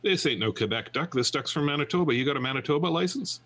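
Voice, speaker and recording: A man doing a gruff scornful game warden. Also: on the high side, animated, fast, a bit bright, voice pushed up.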